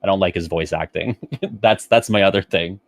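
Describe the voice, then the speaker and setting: A man's voice: sits low, moderate pace, no echo, studio quality. A man as a guest on a casual podcast, hedging his opinions with fillers and breaking into joking, exaggerated rants.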